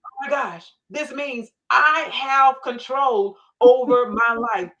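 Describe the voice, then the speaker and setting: A woman's voice: high-pitched, slow, pushed and bright, lo-fi sound. Emphatic woman sharing her faith story. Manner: emphatic storytelling, acting out her own past prayers. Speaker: guest. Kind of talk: faith-based interview talk.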